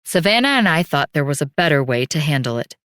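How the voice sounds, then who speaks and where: A woman's voice: low voice, sing-song, quick pace, a bit bright, no echo, clean studio sound. A woman voicing a slick, emotionless man in a suit who speaks matter-of-factly with a fake smile. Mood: smooth. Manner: matter-of-fact, falsely smiling.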